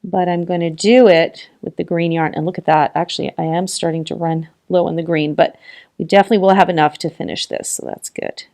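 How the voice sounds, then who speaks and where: Gravelly-voiced woman teaching crochet. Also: on the low side, steady tone, fast talker, darkish tone. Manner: chatty and encouraging, counting stitches aloud, laughs often. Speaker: crochet tutorial host. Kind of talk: casual step-by-step crochet demonstration.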